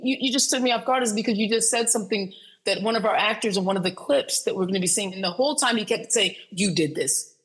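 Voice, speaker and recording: A woman's voice: mid-range voice, fast, breathy edge, poor audio. Woman, interview guest, casual chat, rambling, full of fillers, mid-range voice. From United States, raised as military kid. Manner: rambling, many fillers and restarts. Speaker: guest, film producer and director.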